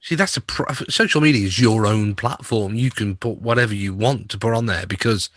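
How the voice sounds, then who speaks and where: Brief: male podcast co-host, lowish voice, dry close sound, chatty storyteller who laughs a lot. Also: brisk, no room sound. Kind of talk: casual chat.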